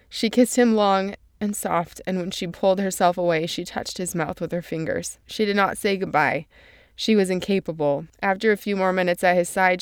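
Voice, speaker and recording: A woman's voice: on the low side, clean tone, dry recording, studio quality. Tearful woman reading a novel aloud. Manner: emotional, tearful at moments. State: crying. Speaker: book summary reader.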